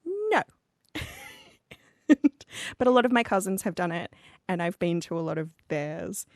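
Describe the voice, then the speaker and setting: A young woman co-hosting a podcast, telling stories in a chatty, animated way with lots of "like". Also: fairly low pitch, measured pace, no echo, studio quality. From Australia. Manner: chatty, animated storyteller with fillers like "like". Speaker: podcast co-host. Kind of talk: casual chat.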